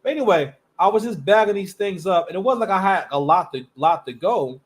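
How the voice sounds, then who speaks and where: A man's voice: high voice, expressive, a little fast. A man hosting a live stream, telling stories in a loose, rambling way with slang and restarts. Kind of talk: casual storytelling monologue.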